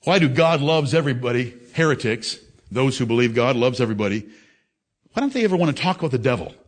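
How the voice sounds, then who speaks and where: A man gives a fiery sermon, alternating between loud, elevated declamation and quiet, intense argument while rebuking his audience head-on. His delivery is animated and quick.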